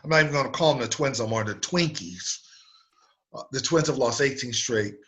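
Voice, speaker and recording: A man's voice: medium pitch, brisk, pushed and bright. A man hosting a sports radio show, delivering an opinionated, emphatic monologue that repeats words to stress a point.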